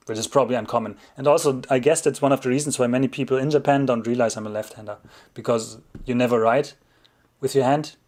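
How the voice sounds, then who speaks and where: Answering questions from his viewers, a German-accented man hosts a laid-back livestream in a mid-range voice, English not being his first language. The chat is casual, and he chuckles a lot while rephrasing his thoughts.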